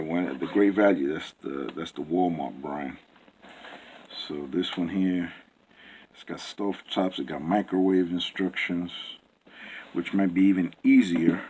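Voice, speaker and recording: A man with a fairly low voice rambles through a casual home cooking video, piling up "you know" and restarting his sentences. He sounds amused at his own jokes. A faint hiss and clicks sit under the camera-mic recording. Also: rough recording. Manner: rambling, many fillers and restarts; jokey, self-amused.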